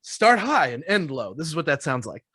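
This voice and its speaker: Lively sales trainer man, dry sound. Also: on the high side, normal speed, breathy edge, dry recording. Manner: animated, laughs often, acts out phone calls. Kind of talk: casual podcast interview.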